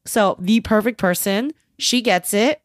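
A woman's voice: mid-range voice, a little slow, dry recording, studio quality. A woman co-hosting a casual entertainment chat, enthusiastic and gushing, with casual swearing. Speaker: podcast co-host.

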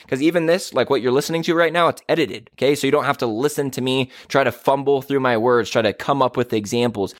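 A man's voice: mid-range voice, no room sound, clean studio sound. A man who works as a business coach talks in an edited podcast monologue, candid and exasperated, acting out quoted remarks as he goes.

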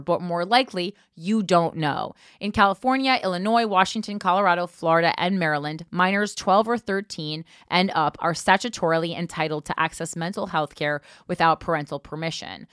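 A woman's voice: on the low side, a bit bright, clean tone, no room sound. A woman podcast host reading a news article aloud and breaking off for blunt, profane asides, on a close mic. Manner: blunt, profane asides between read passages.

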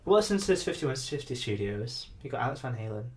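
A man's voice: medium pitch, big pitch swings, quick pace, darkish tone, slight background noise. A man, co-hosting a comedy podcast and telling a rambling, sweary anecdote in casual chat. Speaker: podcast co-host.

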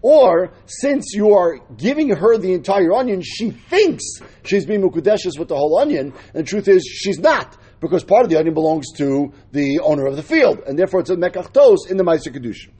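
A man with a husky voice teaching a Talmud lesson, explaining step by step and mixing in Hebrew and Aramaic terms. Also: high voice, big pitch swings, brisk, dark tone.

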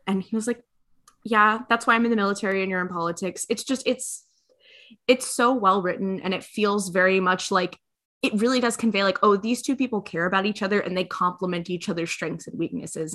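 A woman's voice: mid-range voice, brisk, fairly bright tone. A woman in casual chat, earnest and enthusiastic, with many fillers. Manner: earnest, enthusiastic fan talk.

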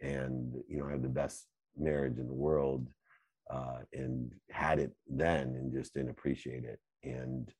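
A middle-aged man hosting a live Q&A, answering questions in a fervent, preachy way that swings between loud bursts and quiet asides. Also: rumbling low, measured pace, vocal fry, slightly rough, dry recording. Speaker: host and coach. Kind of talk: motivational Q&A answers.

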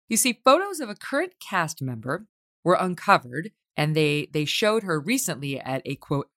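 Woman podcast host, low and sardonic, brisk punchy commentary, dry close sound. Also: no echo. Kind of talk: opinionated commentary.

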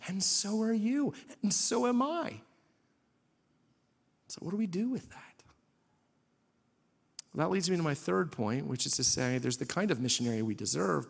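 A man's voice: a little high, creaky, husky, big-room sound. A man preaching a sermon as pastor, conversational, with rhetorical questions and dry humor.

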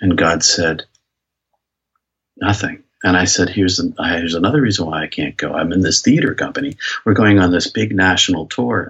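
A man with a deep, husky voice recounts a personal story as an interview guest, speaking earnestly and reflectively with frequent restarts. The recording sounds dull and lo-fi. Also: fairly bright tone. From United States. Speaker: pastor and guest.

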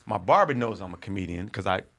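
A man with a deep, low voice tells a story as a podcast guest. He is a comedian who swears freely and acts out the other people in his tale. The sound is close and dry, with no room around it. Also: fast, creaky, no echo. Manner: profane, animated storyteller acting out other people's lines.

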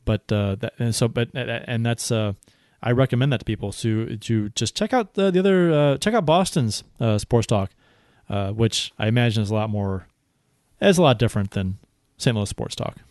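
A man chatting about hockey on a podcast in an excitable rush. He swears freely and keeps restarting his sentences. His voice sits at a middling pitch, recorded dry and close. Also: normal speed, dry recording. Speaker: podcast co-host. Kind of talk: casual sports chat.

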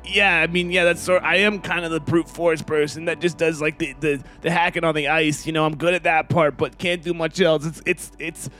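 A man's voice: fairly high pitch, flat delivery, a little fast, few pauses, sharp tone, soft background music. A man playing a tabletop role-playing game, apologetic and self-deprecating as his character, laughing at himself. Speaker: player voicing a character. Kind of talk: improvised tabletop role-play.

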